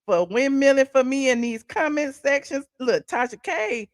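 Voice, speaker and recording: A woman's voice: high-pitched, lively intonation, normal speed, no room sound. A woman hosting a casual live stream, chatting to her viewers and calling them child and honey. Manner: chatty, talks to the chat, calls listeners child and honey. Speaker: livestream host. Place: small room at home. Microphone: computer mic at a desk.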